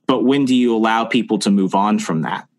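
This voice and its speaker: A man's voice: lowish voice, fairly quick. A man speaking as a podcast guest in casual conversation, earnest and repeating phrases for emphasis.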